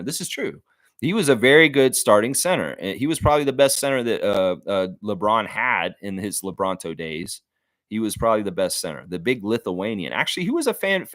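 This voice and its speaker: A man hosting a casual fan live stream, chatting in a rambling way and reading comments aloud. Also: medium pitch. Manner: animated, rambling, reads chat comments aloud.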